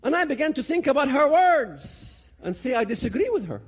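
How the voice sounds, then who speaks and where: A man gives a dramatic public talk. His voice sits high for a man and swings widely as he pushes each point hard. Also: sing-song, brisk. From Palestinian territories. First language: Arabic. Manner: dramatic, emphatic, builds to loud peaks. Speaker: public speaker.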